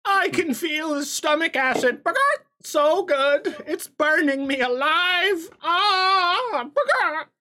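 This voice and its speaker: A man's voice: very high voice, animated, slow, hardly any pauses, bright, forceful tone, voice pushed up, full character voice. A man voicing a giddy little undead male chicken who is thrilled to be eaten, squawking in sing-song clucks. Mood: ecstatic.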